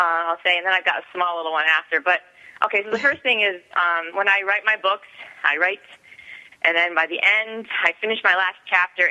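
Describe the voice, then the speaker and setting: A woman's voice: on the low side, pushed and bright, muffled recording. A woman romance author sharing a chatty, self-deprecating anecdote on a radio talk show. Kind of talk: casual anecdote on a radio interview.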